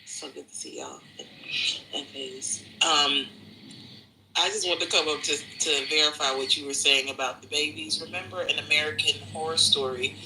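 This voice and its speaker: A man joining a live audio chat room, talking casually with many halting fillers. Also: a little high, steady tone, background noise. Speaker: room participant.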